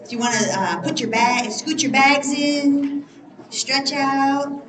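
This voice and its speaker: A woman's voice: sits high, fairly even intonation, takes it slowly. A woman casually leading a room of people into a circle dance, informal and coaxing. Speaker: dance leader. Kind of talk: casual crowd instructions. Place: large indoor conference room. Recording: echoey room with crowd noise.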